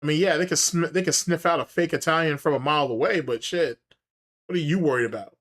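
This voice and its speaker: A man's voice: fairly high pitch, fast, a bit bright. A man giving casual, profane commentary as host, mocking and taunting with frequent laughter.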